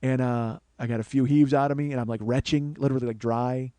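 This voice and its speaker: A man's voice: mid-range voice, fairly even intonation, fast, mellow, no room sound. A man hosting a comedy podcast, telling a rambling, profane, self-mocking personal story.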